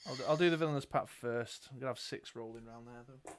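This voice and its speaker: A man's voice: mid-range voice, fast talker, slight background noise. A British man co-hosting a live tabletop dice game, casually thinking aloud as he reads cards and counts dice. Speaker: game show co-host.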